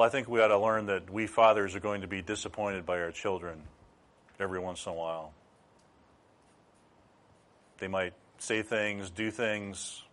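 A middle-aged man preaching a sermon as pastor, teaching through rhetorical questions. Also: fairly low pitch.

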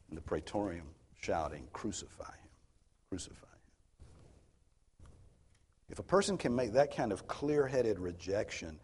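A man's voice: sits low, darkish tone, a little hiss or hum. A man preaching an expository sermon, earnest and emphatic, posing rhetorical questions as he teaches. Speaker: pastor.

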